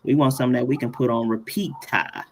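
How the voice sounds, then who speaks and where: Gravelly-voiced man hosting a playful class. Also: mid-range voice, fairly even intonation, fast, a little hiss or hum. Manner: playful, laughs often, chatty asides. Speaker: workshop host. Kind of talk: casual live tutorial.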